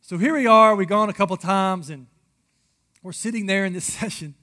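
Man preaching, high pitch, candid personal tone, addressing the congregation. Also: normal speed, pushed and bright. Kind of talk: sermon to a men's audience.

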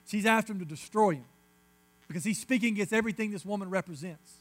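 A man preaching as a pastor, emphatic and insistent, moving between loud declarations and hushed asides. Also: high voice, quick pace. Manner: repetitive, insistent phrasing. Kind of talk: sermon.

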